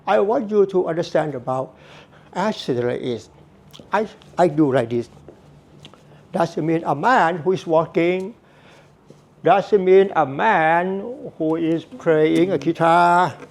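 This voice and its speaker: A man's voice: on the high side, slow. A man giving a Buddhist teaching talk, earnest and repetitive, with non-native phrasing. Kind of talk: slow spoken Dharma talk.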